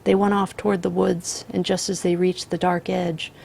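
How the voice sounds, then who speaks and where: A woman reads a literary short story aloud in a measured, steady voice. Her tone sits low with a gravelly texture. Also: slight background noise. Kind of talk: literary audiobook narration.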